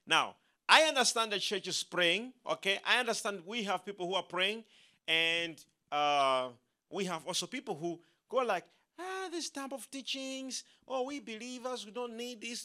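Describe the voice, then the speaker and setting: A man preaching a sermon, emphatic and animated, leading the congregation in call-and-response. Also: a little high. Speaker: pastor.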